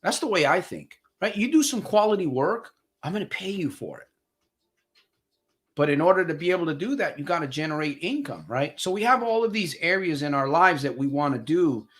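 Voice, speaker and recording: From his home studio in front of a green screen, a male recovery coach hosts a live motivational broadcast. He speaks a little fast in a sing-song, fairly bright voice that sits on the high side. Treating viewers as friends, he preaches, repeats phrases for emphasis and reads viewer comments.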